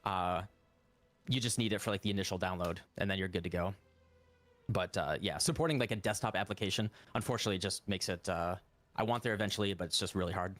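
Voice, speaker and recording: Low-voiced man chatting on stream. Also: fast, a bit bright. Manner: rambling, laughs often. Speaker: guest developer of a game tool. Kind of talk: casual chat on a live stream.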